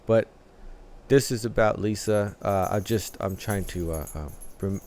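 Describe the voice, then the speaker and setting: A man hosting a music reaction channel, talking through a track in a thoughtful, analytical way with many filler pauses. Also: lowish voice, darkish tone, a little hiss or hum.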